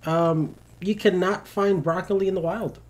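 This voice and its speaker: A man's voice: sits high, fairly even intonation, moderate pace. A young man co-hosting a podcast, joking and telling stories in casual chat, sometimes slipping into playful put-on voices. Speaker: podcast co-host.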